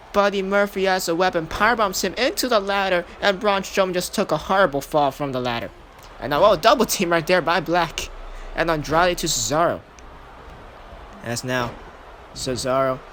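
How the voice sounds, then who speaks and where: Hyped young guy calling a wrestling game, loud bursts, repeats lines, bit of background hiss. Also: fairly high pitch. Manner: hyped, shouts at big moments, repeats himself. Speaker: play-by-play commentator of a video game. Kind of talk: excited wrestling commentary.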